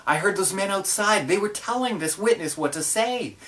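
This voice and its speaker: A hushed, indignant believer whispers urgently, as a preacher acts him out. His voice sits raised and quiet. It is heard from a distance in a church. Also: high voice, lively intonation, normal speed, voice pushed up.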